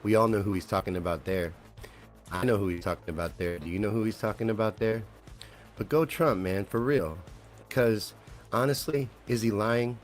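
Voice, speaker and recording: A man's voice: on the low side, steady tone, brisk, soft background music. A man hosting a live comedy stream, rambling and swearing freely while he riffs on memes and news and asks viewers questions.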